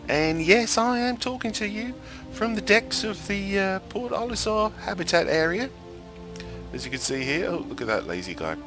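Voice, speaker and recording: A man's voice: sits high, voice pushed up. A man putting on a Cockney accent, playing a cheery, chatty man welcoming visitors. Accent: put-on Cockney. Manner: upbeat, welcoming. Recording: music playing behind.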